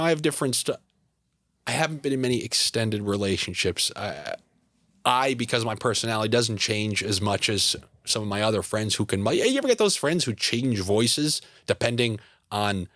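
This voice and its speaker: A man's voice: fairly low pitch, normal speed, no room sound. Man, New York accent, podcast host, casual rambling chat, dry close mic. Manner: rambling, animated storyteller who slips into impressions.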